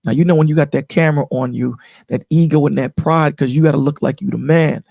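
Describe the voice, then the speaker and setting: A man with a gravelly, husky voice, pitched a little high and dark in tone. He talks in a casual, preachy way and keeps checking in with his listener. The sound is dry and close, like a voice call. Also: steady tone, quick pace, no room sound. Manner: preachy, emphatic, repeats "you know what I'm saying". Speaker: channel host on a panel call. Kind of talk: casual chat.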